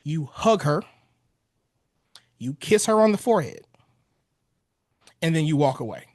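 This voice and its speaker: A fairly high-voiced man in his thirties coaches husbands in a podcast interview, blunt and casual, with a loose tongue that swears freely. His voice is dry and close, with no room sound around it. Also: lively intonation, a little slow, dry recording. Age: 30s. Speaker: relationship coach.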